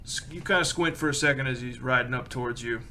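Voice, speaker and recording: A man's voice: mid-range voice, fast, pushed and bright, slight background noise. A man narrating a tabletop game as game master, casual and full of fillers.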